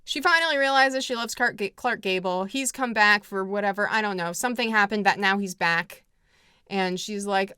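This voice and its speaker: A woman vlogger giving a comedic movie summary in a sarcastic, rambling, deadpan way. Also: mid-range voice, normal speed, smooth, no echo, clean studio sound.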